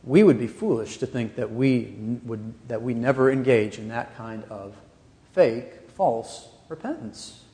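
A man's voice: mid-range voice, animated, measured pace, dark tone, big-room sound. A man preaching a sermon as pastor of a church, earnest and pressing his points with rising emphasis.

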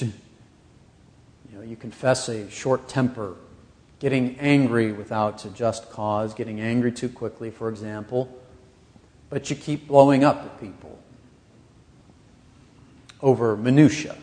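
A man's voice: medium pitch, a little mellow, big-room sound. A man preaching a sermon as pastor of a church, earnest and pressing his points with rising emphasis.

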